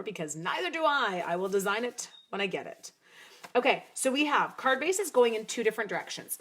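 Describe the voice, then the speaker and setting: A middle-aged woman from Canada on a live stream, chatting as she unboxes a card-making kit, greeting viewers by name and thinking aloud. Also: mid-range voice.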